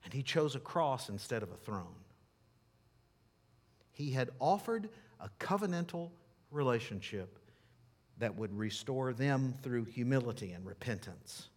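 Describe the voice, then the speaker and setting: A man pastor preaching a sermon and leading a closing prayer, emphatic, swinging from loud declarations to hushed lines. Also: medium pitch, animated, measured pace.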